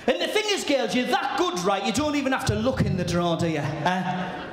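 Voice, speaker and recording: Brash comedian in an echoey venue. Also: male voice, high voice, big pitch swings, a little fast. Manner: brash, swearing, shouting punchlines. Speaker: stand-up comedian. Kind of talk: stand-up comedy routine.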